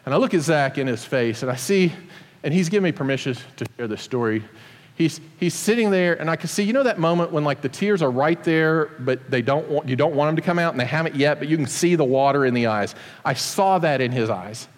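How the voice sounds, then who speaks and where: A middle-aged father telling a personal story to an audience in an animated, self-deprecating way. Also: on the high side, brisk, big-room sound.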